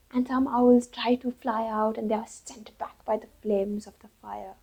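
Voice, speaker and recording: A woman with a raised pitch and a husky, gravelly texture tells a fable in a lively way. Her tone is warm and mellow, and she shifts her voice for each character in the tale. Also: unhurried, few pauses, lo-fi sound. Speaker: storyteller. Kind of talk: storytelling for children.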